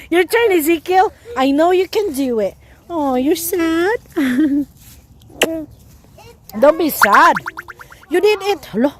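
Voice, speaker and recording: A woman's voice: extremely high pitch, animated, takes it slowly, long pauses, a little hiss or hum. A young woman with a Filipino Cebuano accent, a mother cheering and laughing as she plays ball outdoors with her kids. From Philippines. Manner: cheering, laughing, playful with children. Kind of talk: casual family vlog.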